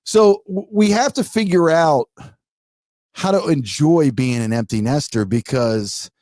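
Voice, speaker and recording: In a clean studio recording with no room sound, a middle-aged man co-hosting a podcast tells a story in relaxed conversation. His voice is a little high and unhurried. He acts out people's lines with lively energy.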